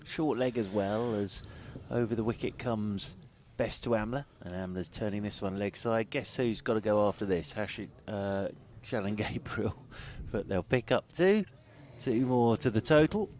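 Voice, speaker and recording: Brisk, good-humoured male cricket commentator. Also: on the low side, darkish tone, a little hiss or hum. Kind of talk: ball-by-ball radio commentary.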